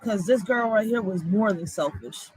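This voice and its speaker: A woman's voice: medium pitch, lively intonation, normal speed, darkish tone, husky, no echo, low-quality recording. A woman commenting on news clips in a blunt, profane, heated way. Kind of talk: casual live commentary.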